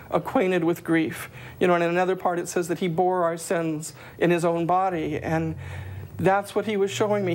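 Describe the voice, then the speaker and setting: A middle-aged woman giving an earnest personal testimony of faith, her voice climbing high whenever she quotes her own prayers. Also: darkish tone.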